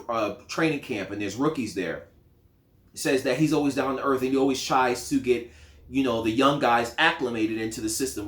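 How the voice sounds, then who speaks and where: A man teaching a Bible lesson in a sermon style, animated, acting out quotes in lively voices. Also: medium pitch. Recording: echoey room.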